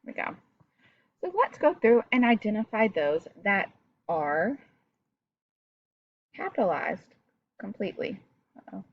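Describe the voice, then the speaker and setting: A woman's voice: medium pitch, sing-song, measured pace, gravelly, pauses often, no echo, lo-fi sound. A woman teaching a recorded reading lesson, explaining step by step and talking directly to her pupils.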